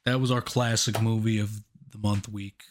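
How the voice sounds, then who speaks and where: A man's voice: lowish voice, flat delivery, normal speed, a little hiss or hum. A young man co-hosting a podcast in a joking, teasing casual chat. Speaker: podcast co-host.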